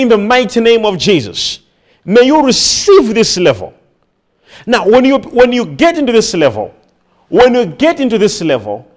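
A man preaching a sermon, emphatic and repetitive, calling the congregation to respond. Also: high-pitched.

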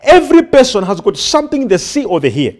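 A man's voice: high voice, huge pitch swings, quick pace, darkish tone. A man preaching a sermon to a congregation, repeating his phrases and firing questions back at the crowd. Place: church before a congregation.

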